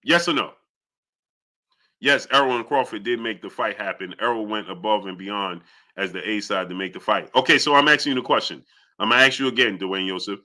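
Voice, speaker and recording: Young male boxing streamer, sharp bright tone, heated and combative with chat. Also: fairly quick. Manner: heated, argumentative, rising pitch when indignant. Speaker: boxing channel host. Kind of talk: live-stream commentary.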